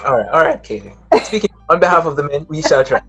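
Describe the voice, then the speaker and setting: A man's voice: fairly high pitch, sing-song, fast talker, fairly bright tone, husky, faint music behind. A man co-hosting a casual panel discussion, explaining his view in an earnest, good-humored way. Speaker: co-host.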